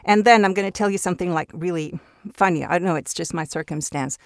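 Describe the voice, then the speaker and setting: A woman's voice: fairly low pitch, quick pace, dry recording, clean studio sound. Spanish-speaking woman, chatty voice actor. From Mexico. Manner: chatty, restarts words often, tags "right?". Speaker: voice actor guest. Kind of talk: casual interview chat.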